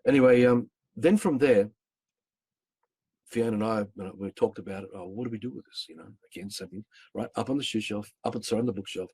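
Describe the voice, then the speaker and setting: A man telling a rambling, emphatic personal story of spiritual experiences, swearing when excited. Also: on the low side, brisk, breathy edge, dry recording. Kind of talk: personal testimony, casual.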